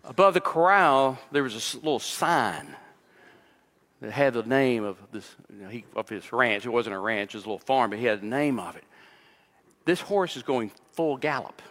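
A man, a pastor, preaching an expository sermon, mixing scripture with personal stories and rising in pitch when he presses a point. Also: expressive, moderate pace, a bit bright, long reverb tail.

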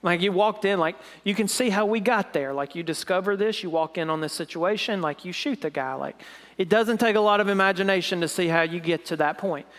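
Speaking briskly, a man delivers a sermon built around a dramatic story, going quiet and low at its most emotional points. There's long reverb from the hall.

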